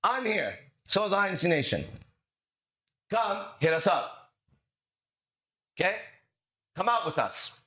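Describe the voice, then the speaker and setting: A man's voice: high-pitched, very animated, takes it slowly, pauses often, sharp tone. A man hosting a podcast as a mindset and relationship coach, talking in a brash, swaggering, profane monologue full of rhetorical questions.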